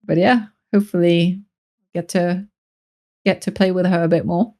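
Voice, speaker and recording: A woman's voice: lowish voice, fairly even intonation, normal speed, dark tone. A woman chatting casually as a podcast guest, laughing often and restarting her sentences.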